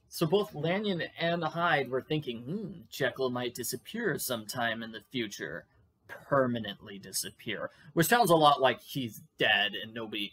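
A man's voice: mid-range voice, a bit bright, slightly rough. A man reading a classic novel aloud, with chatty, musing comments between chapters. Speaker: audiobook reader.

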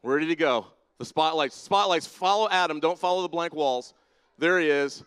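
A man with a slightly high voice, clear and resonant with a bit of brightness, speaks at normal speed while leading a playful audience-participation segment. Inside a large church sanctuary with a balcony and spotlights, he teases people and calls them down by name, and the recording has long hall reverb.

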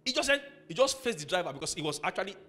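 A man preaching a sermon as pastor of a church, acting out people's quarrels in lively voices. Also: high voice, very fast. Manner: animated preacher acting out quarrels, laughing at his own stories.

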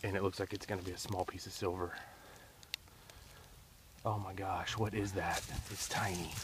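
A man narrating a metal detecting find outdoors into a handheld camera, shaky and hushed and repeating himself in disbelief. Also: deep voice, little pitch movement, normal speed, background noise. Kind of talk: excited outdoor vlog narration. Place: outdoors at a dig site.

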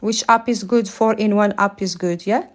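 A woman's voice: mid-range voice, steady tone, moderate pace. Chatty woman streaming a test lesson. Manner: chatty, tags sentences with "yeah?"; apologizes for her accent, non-native English. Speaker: driving theory test tutor. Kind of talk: casual live-stream lesson.

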